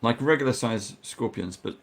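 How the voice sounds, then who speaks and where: A man running a tabletop game, speaking in character as a leader briefing the party in a slow, measured way. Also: medium pitch. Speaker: dungeon master.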